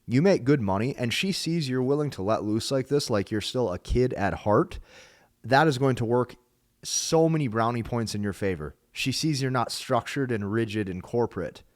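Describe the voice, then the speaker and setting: A young adult man coaching on dating, talking straight to his audience in an energetic, emphatic way and acting out his own lines. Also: mid-range voice, normal speed, no echo, studio quality. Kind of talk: instructional talk to camera.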